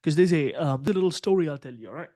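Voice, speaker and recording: A man's voice: fairly high pitch, expressive, quick pace, dark tone, dry recording. Profane, rambling man on a dry call. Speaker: trading mentor. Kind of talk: casual storytelling to students on a video call. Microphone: video call.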